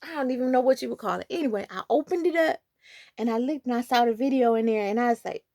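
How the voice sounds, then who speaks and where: A young woman, casually telling a childhood story in a playful, animated way, talking straight to her viewers. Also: fairly high pitch, fast, dry recording.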